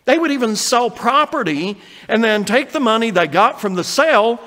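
A man's voice: very high voice, expressive, normal speed, sharp tone, big-room sound. A male pastor preaching an earnest sermon, reading scripture aloud and acting out the quotes.

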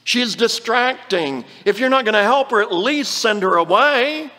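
With bright, forceful delivery and lively intonation, this high-voiced preacher earnestly explains scripture, easing his pace sharply each time he quotes a verse. The long reverb suggests a big hall.

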